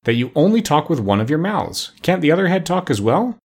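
A shrill, bossy duck housekeeper scolds with brisk impatience, as a man puts her on. The voice sits high and husky, swooping up and down as she nags. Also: sing-song, darkish tone, heavily acted. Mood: scolding.

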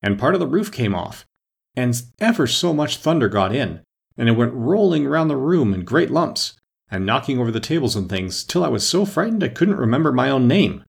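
A man's voice: medium pitch, big pitch swings, moderate pace, vocal fry, slightly rough, pitched above the performer's own voice, full character voice. A man voicing an anxious, muddled queen who rambles in a raised, fluttery voice. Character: fretful muddled adult female queen.

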